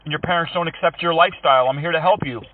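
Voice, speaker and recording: A man's voice: on the high side, racing, far from the mic. A man making a prank phone call, taunting the person on the other end with fake sympathy and sarcasm. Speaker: scam-baiting prank caller. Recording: tinny phone line.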